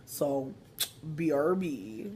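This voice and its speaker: A man's voice: a little high, animated, extremely slow, mellow, slight background noise. A man ranting casually on a phone livestream, profane and rambling, with lots of "like" fillers. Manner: profane, rambling, heavy use of "like". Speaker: vlogger.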